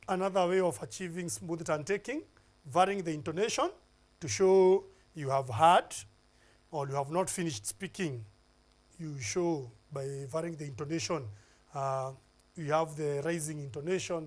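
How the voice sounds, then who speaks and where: Kenyan man teaching an English lesson. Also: a little high. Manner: emphatic, lists points one by one with fillers. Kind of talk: televised classroom lesson.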